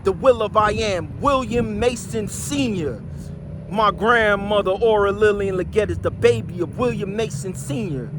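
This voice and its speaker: A man, delivering a loud, boastful street monologue full of shouted rhetorical questions. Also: sits high, moderate pace, background noise. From New Jersey. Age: high school in 1975, so 60s.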